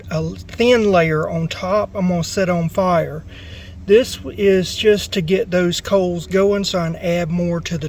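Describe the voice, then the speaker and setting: A man with a Southern US accent, casually explaining a cook as he works, folksy and relaxed. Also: a little high, a little hiss or hum. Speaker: cooking vlogger. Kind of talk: casual cooking demonstration.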